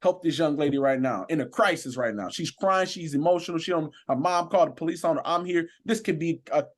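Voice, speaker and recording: A man's voice: a little high, a little fast. A man who works as a sheriff's deputy, a guest on a podcast, telling a personal story with earnest, preacher-like emphasis.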